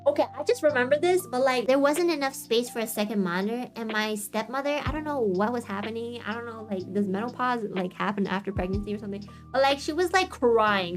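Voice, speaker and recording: A woman's voice: fairly high pitch, animated, a little fast, few pauses, soft background music. A woman in her twenties from Canada, chatting frankly and casually on a stream, full of fillers and swearing. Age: 20s. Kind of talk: casual chat.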